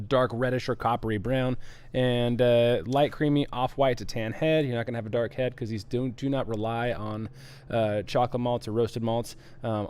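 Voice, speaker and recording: A man co-hosting a live brewery stream, explaining beer style guidelines in a relaxed way and reading out viewer comments. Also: mid-range voice, clean tone. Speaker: brewery livestream co-host. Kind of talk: casual live-stream chat.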